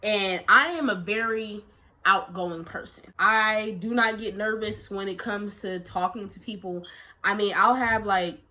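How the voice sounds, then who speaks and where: A young woman vlogger telling a story in a lively, animated way, acting out quotes and laughing often. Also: medium pitch, a little slow. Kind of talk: storytime vlog.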